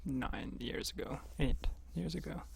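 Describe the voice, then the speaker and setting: A man's voice: a little high, measured pace, creaky, a little hiss or hum. A man in a whispered ASMR live stream chat, rambling in dry, joking asides close to the mic.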